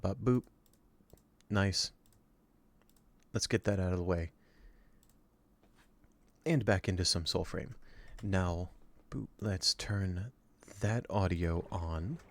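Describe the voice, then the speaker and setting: A weary male game streamer chats with his viewers in a flat, low-energy way. He speaks slowly, as if worn out from a long day. His voice sits slightly on the low side. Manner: low-energy, dry delivery. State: very tired. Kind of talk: casual stream chat.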